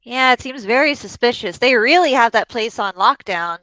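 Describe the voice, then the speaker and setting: Female player, bright sharp tone, musing, dry mic. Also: a little high, animated, no room sound, poor audio. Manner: musing, drawn-out hums. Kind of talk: tabletop game play.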